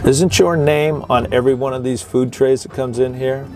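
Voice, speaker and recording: A man's voice: medium pitch, steady tone, normal speed, background noise. A middle-aged man, a Coast Guard veteran, casually telling a joking, salty story to his viewers. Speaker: retired Coast Guard veteran, video host. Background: music.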